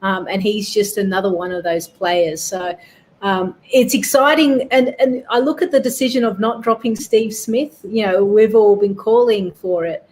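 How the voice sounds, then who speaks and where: A woman giving relaxed cricket analysis on a talk show. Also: mid-range voice. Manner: easygoing, measured, with fillers. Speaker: cricket pundit.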